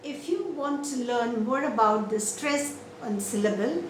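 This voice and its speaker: Slow, deliberate woman teaching pronunciation. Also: fairly high pitch. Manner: stretches and repeats example words to model stress. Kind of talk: slow, deliberate classroom explanation. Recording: roomy echo, faint background noise.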